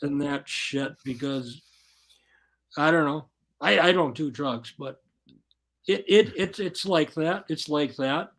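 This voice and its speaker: A man as an interview guest, telling his story bluntly and profanely in casual, animated talk. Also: a little high, slow, long pauses.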